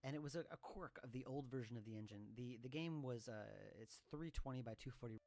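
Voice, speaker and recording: A man giving developer commentary over his game, talking in a relaxed, rambling way with many fillers. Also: medium pitch, fast talker.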